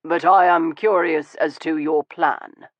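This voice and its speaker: A woman voicing a calm, wry Victorian gentleman who speaks in a steady, conversational, probing way. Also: low-pitched, slow, no echo, lo-fi sound. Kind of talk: audiobook reading.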